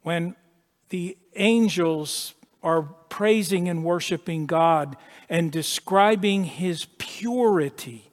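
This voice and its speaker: A man preaching a sermon with emphasis, repeating words and dropping to a hush at key points. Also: on the high side, slow. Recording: long echo of a large hall.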